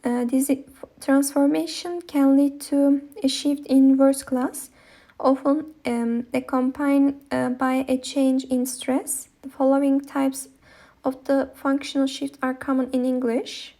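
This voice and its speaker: A woman's voice: sits high, flat delivery, measured pace, mellow. A young woman with a Turkish accent, a non-native speaker reading a linguistics presentation with many hesitations. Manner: hesitant, many ums and uhs.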